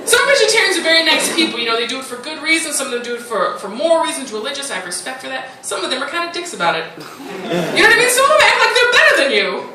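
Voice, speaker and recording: High, lively female stand-up comic. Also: rapid-fire. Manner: animated, teasing, playful put-on voices. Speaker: stand-up comedian. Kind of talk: stand-up comedy set. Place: comedy club stage. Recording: roomy live club recording from a distance, loud noise.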